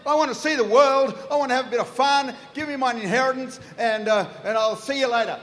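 A preacher acting out an eager, impatient young son, rushing through his words in a high, bright voice. It sounds like a long, echoing church hall. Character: eager young man demanding his inheritance.

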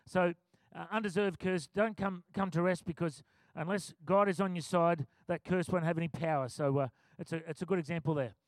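High-voiced man preaching. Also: fairly even intonation, a little fast, no room sound. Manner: conversational storytelling preacher, laughs often. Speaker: pastor. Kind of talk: sermon.

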